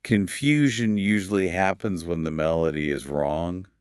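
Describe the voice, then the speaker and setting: A man hosting a podcast, explaining English pronunciation in a calm, measured scripted teaching dialogue. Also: low voice, smooth, dry recording, studio quality.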